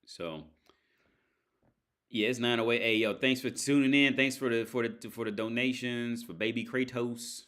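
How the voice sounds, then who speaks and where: A man talks loosely on a home livestream. His voice sits at an ordinary middle pitch. He wanders through crude, rambling tangents and keeps restarting his sentences. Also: moderate pace, a bit bright. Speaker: livestream host. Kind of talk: casual livestream rant.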